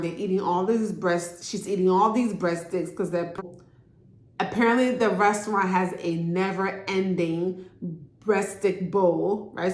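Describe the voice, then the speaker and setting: A woman casually recapping a TV drama episode for her channel, talking loosely with fillers and acting out the characters' lines in quick bursts. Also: lowish voice, echoey room. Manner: animated, acts out characters' lines. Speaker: video host recapping a TV episode.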